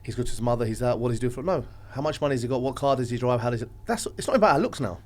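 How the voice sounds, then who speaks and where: A man talks as a guest on a podcast, rambling through his stories with animated energy. His voice sits in a middle pitch and swings from loud bursts to quiet stretches as he chats casually. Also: racing. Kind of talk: casual chat.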